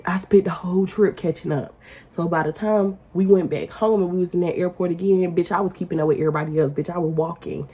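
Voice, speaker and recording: A woman vlogger ranting casually to the camera, blunt and profane, with loud emphatic outbursts. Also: deep voice, husky.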